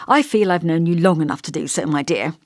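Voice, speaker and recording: Storybook vicar, male, gentle and scholarly, kindly but hesitant, put on by a woman reader with a lowish voice. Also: sing-song, moderate pace, no echo, clean studio sound. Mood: earnest. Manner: kindly, hesitant, over-polite. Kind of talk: audiobook character voice.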